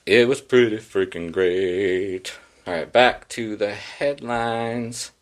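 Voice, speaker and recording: A man's voice: on the low side, slow. A man hosting a solo podcast, reading headlines and riffing on them in a sarcastic, profane, rambling way. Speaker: podcast host.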